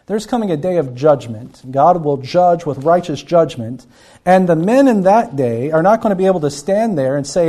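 Earnest preacher man with a mellow voice. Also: on the high side, lively intonation, moderate pace. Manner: earnest, repeats words, voices quoted figures. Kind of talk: Bible-teaching sermon.

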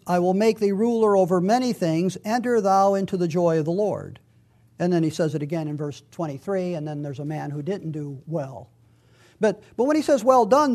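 Man, high voice, pastor teaching bible verses, conversational, slows down for scripture readings. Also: darkish tone. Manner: conversational, with frequent restarts and slow emphatic verse readings.

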